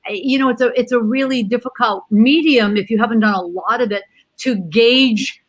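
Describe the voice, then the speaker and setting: A woman appearing as a guest actress on a video-call chat, speaking in a halting way with many fillers. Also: on the high side. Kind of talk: casual chat on a live stream.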